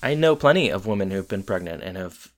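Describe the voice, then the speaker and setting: A woman co-hosting a casual podcast, recapping a TV episode and giving her own opinions with quick restarts. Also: very deep voice, expressive. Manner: chatty, halting restarts when giving opinions. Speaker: podcast co-host.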